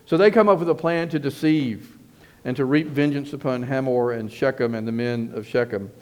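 A man's voice: medium pitch, normal speed. A middle-aged man preaching a sermon as pastor, earnest and emphatic, repeating his points and restarting phrases.

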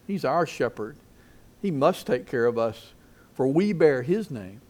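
A middle-aged male pastor preaching a sermon, asking the congregation questions and swinging his loudness for emphasis. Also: medium pitch, very animated, measured pace. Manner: preaching with call-and-response questions.

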